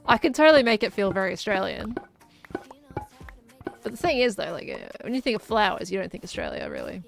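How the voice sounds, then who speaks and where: A woman's voice: on the high side, very animated, normal speed, vocal fry, pushed and bright, faint music behind. A woman chatting casually and giggling as she thinks aloud while playing a game. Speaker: gaming streamer.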